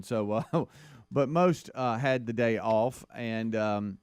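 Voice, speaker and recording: A man's voice: medium pitch, a little slow, clean tone, no room sound, clean studio sound, faint music behind. A man hosting a morning radio show, chatting casually and rambling with lots of fillers. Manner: folksy, rambling with many uh fillers.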